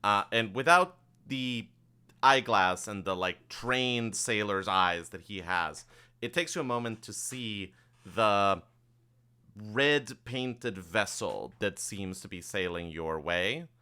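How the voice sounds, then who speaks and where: A man leads a tabletop game as its game master, and his narration is relaxed and dotted with fillers. His voice is very low, yet bright and forceful. His words come out smooth and clear. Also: slow.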